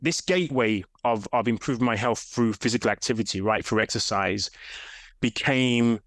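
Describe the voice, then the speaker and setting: A man's voice: mid-range voice, moderate pace, no echo, studio quality. A grown man, a fitness coach guest, telling stories in a casual interview and acting out the voices in them. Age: adult. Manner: animated storyteller, acts out voices in quotes.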